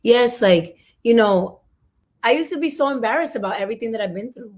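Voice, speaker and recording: A woman speaking on a panel, heartfelt and emphatic, shifting her pace as she talks. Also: fairly high pitch. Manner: emphatic, heartfelt, speeds up and slows down. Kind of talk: panel discussion.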